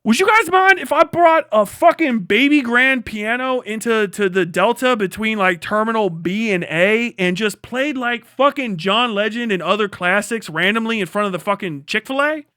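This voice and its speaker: Breezy, upbeat caller asking a big favor, voiced by a man; higher voice, bright tone. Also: normal speed, hardly any pauses, smooth, dry recording, clean studio sound. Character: breezy male pianist phoning an airline.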